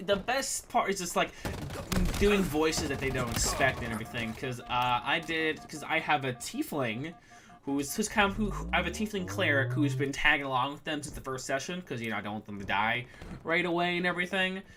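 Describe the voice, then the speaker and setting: With music in the background, a man with a high-ish, lively voice talks a little fast while streaming a game. His casual chat about running a tabletop campaign rambles, full of fillers and restarts.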